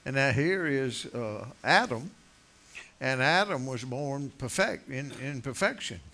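An older man preaching in a folksy, rambling way, full of asides and jokes at his listeners' expense. He stops and restarts often and leans on fillers as he thinks aloud. His voice sits at an ordinary middle pitch for a man. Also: animated, measured pace, sharp tone. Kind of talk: folksy sermon.

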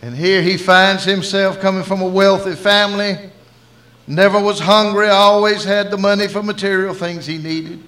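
A man's voice: high-pitched, steady tone, moderate pace, a bit bright. A man with a Southern US accent preaching a sermon in a folksy storytelling way. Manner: folksy storytelling, acting out dialogue.

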